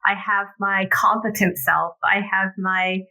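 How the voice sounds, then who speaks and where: Middle-aged female guest coach; bright, lively delivery, acts out dialogue. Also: medium pitch, a little slow, vocal fry, low-quality recording. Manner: animated storyteller acting out family dialogue. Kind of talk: casual interview chat.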